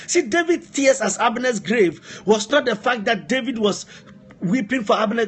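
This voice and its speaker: A man's voice: high-pitched, lively intonation, moderate pace, fairly bright tone, breathy edge. A man preaching a live-streamed sermon, repeating phrases for emphasis and breaking off to speak to helpers. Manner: repetitive, emphatic exhortation, asides to helpers.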